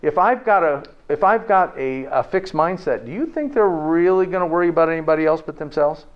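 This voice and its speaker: A man's voice: fairly high pitch, expressive, a little fast. A man giving a live health lecture to an audience in a folksy way, tagging his points with "okay?" and asking the room questions. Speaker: health presenter. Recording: dull lo-fi recording.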